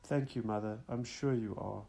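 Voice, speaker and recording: A man's voice: lowish voice, steady tone, moderate pace, gravelly, mellow. A man reading the polite, reassuring lines of a grown son at a séance in an audiobook.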